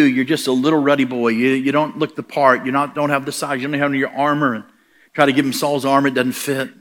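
Middle-aged male preacher, mid-pitched voice, punchy storytelling delivery. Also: a bit bright. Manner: storytelling preacher, acts out quoted voices, rising emphatic punches. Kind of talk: sermon.

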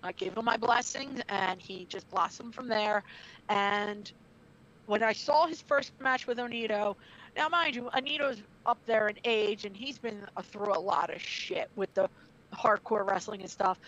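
A woman's voice: mid-range voice, unhurried. Brash, foul-mouthed middle-aged woman guest spinning wrestling tales, lo-fi audio. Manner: brash, profane, animated. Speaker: guest, former wrestler and trainer. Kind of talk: casual interview storytelling. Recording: dull lo-fi audio.

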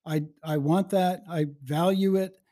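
A man in his seventies chatting as an interview guest, rambling warmly through anecdotes with frequent restarts and chuckles. His voice is somewhat high-pitched yet soft and mellow in tone. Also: fairly even intonation, unhurried. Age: 70s. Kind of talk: casual interview with storytelling.

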